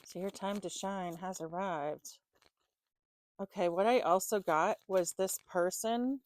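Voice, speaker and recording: Low-voiced woman giving a chatty tarot reading. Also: a little hiss or hum. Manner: chatty, loose, with fillers and swearing. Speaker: tarot reader. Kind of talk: casual tarot reading to camera.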